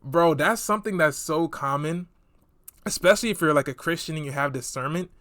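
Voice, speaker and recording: A man's voice: fairly high pitch, a little fast, fairly bright tone, no room sound, clean studio sound. A young man giving casual commentary in a slangy, chatty way, often calling the listener bro. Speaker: online commentator.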